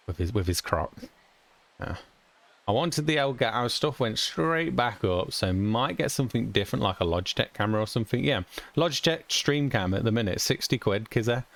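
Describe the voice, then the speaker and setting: A young British man chatting casually while streaming a game, rambling and chuckling often with mild cursing. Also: mid-range voice. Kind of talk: casual chat while gaming.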